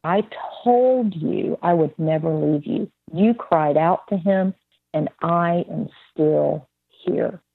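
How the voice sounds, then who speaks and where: A woman voicing a menacing demonic spirit, speaking slowly and tauntingly. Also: deep voice, gravelly, husky, dry recording, full character voice. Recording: dry tinny phone-like line.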